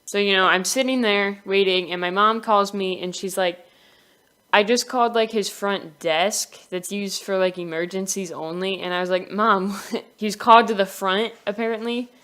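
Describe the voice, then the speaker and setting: A woman's voice: medium pitch, steady tone, normal speed, fairly bright tone, clean tone. A young woman casually telling a personal story for her animation channel, giggling often and acting out the quoted lines.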